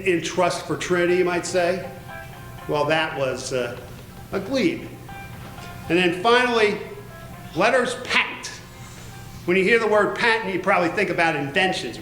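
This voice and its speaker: Man, high voice, conversational lecture, explains as he goes, live audience indoors, faint background hiss. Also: a bit bright. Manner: explanatory, loose, asks the audience "right?". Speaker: church warden giving a history lecture. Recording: roomy echo, faint background noise.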